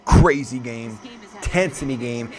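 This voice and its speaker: A man calls a game live for his stream in an unscripted, casual way, with a voice of ordinary middle pitch. He gets excitable, swears freely and stumbles over his words. He repeats players' names in quick, chanting bursts.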